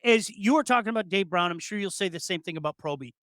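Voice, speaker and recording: A man's voice: sits high, lively intonation, quick pace, a bit bright, dry recording, clean studio sound. A man hosting a livestreamed interview, asking casual questions and often stumbling over repeated words as he starts. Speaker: host of a livestream show.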